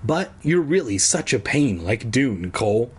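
A man reading aloud, voicing a sharp-tongued young girl who scolds her brother. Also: medium pitch, very animated, measured pace, husky, heavily acted. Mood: scolding. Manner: snappy, scolding.

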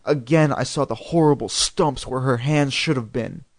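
A man reading a spooky children's storybook aloud, in an expressive, dramatic way. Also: mid-range voice, normal speed, dry recording, studio quality. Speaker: reader.

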